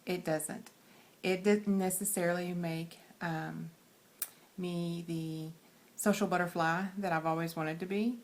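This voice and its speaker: A woman with a Texan accent talks to her camera in a casual vlog, earnest and a little shy. Her voice sits slightly low and she fills pauses with soft ums. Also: fairly even intonation. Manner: soft-spoken, many fillers, earnest; quiet and shy. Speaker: weight loss surgery vlogger.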